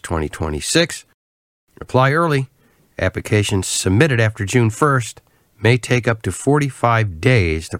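A man's voice: lowish voice, dry recording. Dry-voiced male transit announcer. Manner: clear, measured, spells out web and phone details. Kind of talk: scripted public service announcement.

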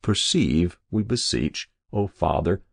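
A man voicing a composed army officer who speaks in a steady, solemn way. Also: low-pitched, slow, creaky, dry recording, studio quality, full character voice.

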